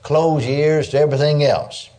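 A man's voice: fairly high pitch, steady tone, moderate pace, mellow. A man preaching a sermon, emphatic, breaking in with cries of praise and calling on listeners to answer him. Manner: calls for audience response.

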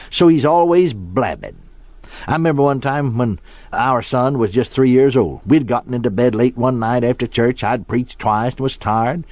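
A man's voice: medium pitch, a little mellow, dry recording. A middle-aged man preaching a sermon as a pastor, telling homely stories in a folksy way. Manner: folksy storytelling preacher, acts out quoted voices.

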